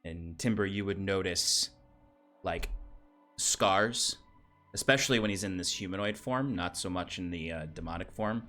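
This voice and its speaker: A man with a very low voice narrates as game master of a tabletop game, describing scenes with plenty of fillers. Faint music plays quietly behind. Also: moderate pace.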